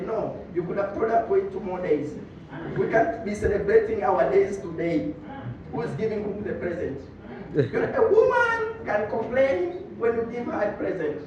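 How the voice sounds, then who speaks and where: Tanzanian male stand-up comic, bouncy high delivery, distant, muffled and boomy club sound with room noise. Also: unhurried, very echoey. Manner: animated storytelling, switching between English and Swahili. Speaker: stand-up comedian. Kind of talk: stand-up comedy routine. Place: comedy club stage.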